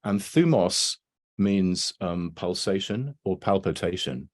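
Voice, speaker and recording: Speaking slowly with lively intonation, this man's low voice carries a relaxed academic talk over video call. The lecturer wanders from point to point, ending them with "right?" or "you know".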